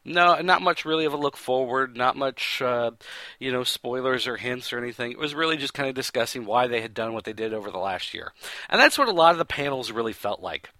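A man hosting a pop-culture show talks through a casual, rambling recap, leaning on fillers and correcting himself as he goes. His voice is bright and forceful, set at a middle pitch for a man. The recording is dry, with no room around him. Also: lively intonation, a little fast, dry recording. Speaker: podcast host.

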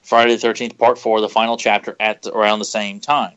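A man co-hosting a podcast in casual chat, animated and rambling, often dropping into silly voices. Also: lowish voice, fast, muffled recording. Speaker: podcast co-host.

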